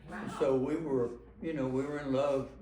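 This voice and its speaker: A man's voice: mid-range voice, steady tone, normal speed, mellow, slight background noise. An older man from Arkansas, telling rambling, folksy stories with chuckles and restarts, performing at home for visitors. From Arkansas, USA. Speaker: singer-songwriter performing for visitors. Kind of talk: storytelling between songs. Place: his home. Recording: echoey room, mic from a distance. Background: guitar playing.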